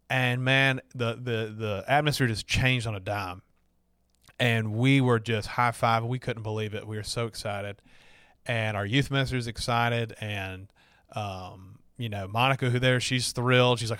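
A man's voice: medium pitch, steady tone, moderate pace, a bit bright, dry recording, clean studio sound. A middle-aged man from Alabama with a Southern accent, casually telling a personal story, chatty and full of fillers and restarts.

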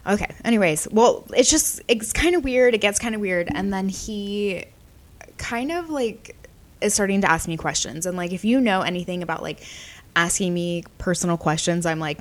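A woman's voice: on the low side, fairly quick. Chatty young woman telling a story. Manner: chatty, animated, heavy use of "like", quoting herself and others. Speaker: podcast host and coach. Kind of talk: casual storytelling monologue.

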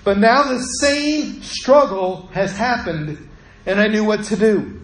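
A man's voice: sits high, animated, takes it slowly, fairly bright tone, reverberant, rough recording. A middle-aged man preaching a sermon, telling a personal story in a conversational way and acting out the voices of the people in it.

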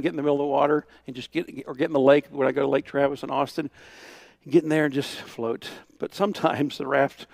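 A middle-aged male pastor preaching a sermon, telling a story with quoted dialogue and moving between hushed asides and emphatic calls. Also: fairly high pitch, gravelly, dry recording.

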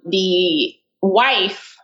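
A woman's voice: medium pitch, very slow. A woman guest telling a story in a casual interview, acting out the dialogue as she goes. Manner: animated, acts out quoted dialogue. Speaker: guest, real estate investor. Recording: roomy, dull sound.

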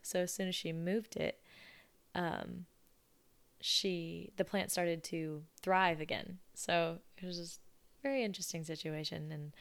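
Young woman, twenties, low-pitched, gravelly, chatty, sarcastic storyteller. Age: 20s. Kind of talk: casual storytelling.

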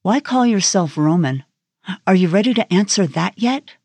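A woman's voice: medium pitch, lively intonation, normal speed, a little mellow, no room sound. A woman reading tough FBI agent, blunt and sardonic, dry close sound. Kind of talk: audiobook character voice.

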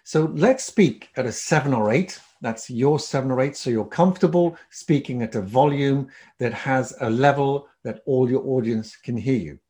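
A man teaching public speaking skills, talking with lively swings of loudness and pitch as he explains and demonstrates. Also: moderate pace, hardly any pauses. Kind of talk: presentation skills lesson.

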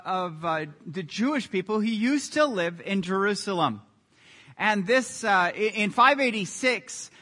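A male pastor giving a sermon, telling lively anecdotes in an animated storytelling manner. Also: sits high, long reverb tail.

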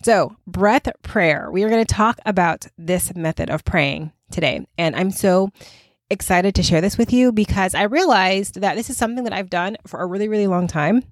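A woman's voice: medium pitch, moderate pace, dry recording, studio quality. A woman host giving a casual devotional talk, chatty and full of "right?" and "okay?" tag questions. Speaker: podcast host.

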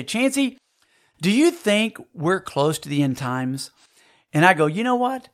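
A man, giving a folksy, animated storytelling sermon to young people. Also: high voice. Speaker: speaker at a youth camp.

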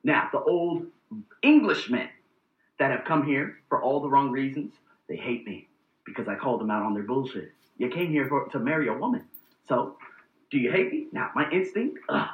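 Male vlog host, animated and profane storyteller; lo-fi, roomy recording. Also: mid-range voice, moderate pace. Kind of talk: casual personal vlog monologue.

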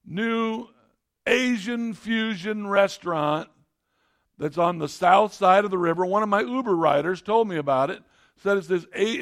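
A man's voice: on the high side, gravelly, fairly bright tone. A middle-aged man preaching a sermon, reading scripture and telling stories in a conversational way with frequent restarts. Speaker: pastor.

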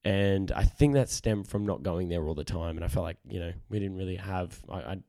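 A young man hosting a casual solo podcast, husky from a cold, earnest and rambling, often repeating words. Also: deep voice, fairly quick, mellow, no echo, clean studio sound. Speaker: podcast host. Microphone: studio podcast microphone.

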